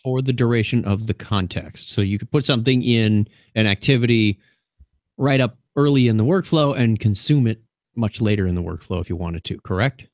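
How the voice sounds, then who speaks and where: A man's voice: on the low side, brisk, darkish tone, no room sound, highs cut off. A man co-hosting a tech webinar over a web call, asking follow-up questions and checking that he has understood. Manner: inquisitive, checks his understanding. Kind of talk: webinar discussion.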